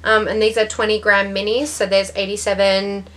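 A young woman talks through her knitting projects in a loose, rambling chat. She fills her sentences with ums and starts over mid-thought, and her voice sits at an ordinary middle pitch. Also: level tone, normal speed, fairly bright tone. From Australia. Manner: chatty and rambling, many ums and restarts. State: has the hiccups. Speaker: knitting podcast host. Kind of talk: casual chat.

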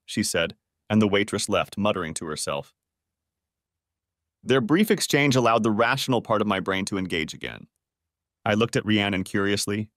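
A man's voice: on the low side, expressive, normal speed, a bit bright, no echo, clean studio sound. A man narrating a first-person story in an earnest audiobook style.

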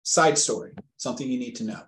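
A mid-range male voice moves fast as a father in his forties, a guest in an interview, vividly and earnestly retells a terrifying scam call. The room echoes.

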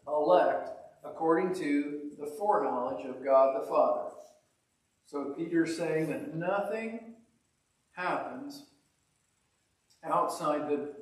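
A man preaching a casual, conversational sermon, telling stories with a folksy, self-deprecating manner. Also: on the high side. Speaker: pastor. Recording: echoey church hall, mic at a distance.

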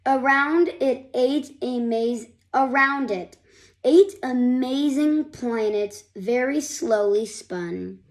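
A woman with a high voice reads a children's picture book aloud at an unhurried pace. She reads expressively, now and then tripping over a word and starting the phrase again. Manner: expressive read-aloud with slips and restarts. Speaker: storybook reader.

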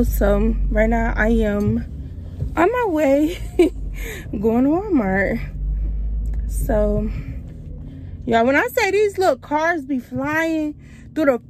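A woman's voice: high-pitched, slight background noise, rough recording. Chatty young woman vlogging on the go. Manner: chatty, exasperated, talks straight to viewers. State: out of breath from walking. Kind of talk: casual vlog chat to viewers. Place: out and about, walking and driving.

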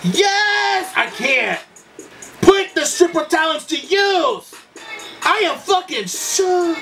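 A man with a high, wildly swooping voice gushes over a music video in a camp, sassy way, shouting and swearing as he reacts. He sits some way back from the mic, and the video's music plays clearly behind him. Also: sing-song, slow, far from the mic. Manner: loud, gushing exclamations and frequent profanity. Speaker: YouTube reactor. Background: music video playing.

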